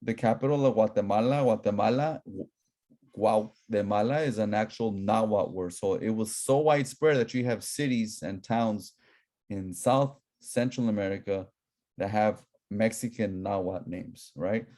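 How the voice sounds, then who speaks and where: A man's voice: on the low side, moderate pace, mellow. A man from Southern California with a local accent, teaching an online class in a casual, chatty way and often repeating himself. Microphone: laptop microphone.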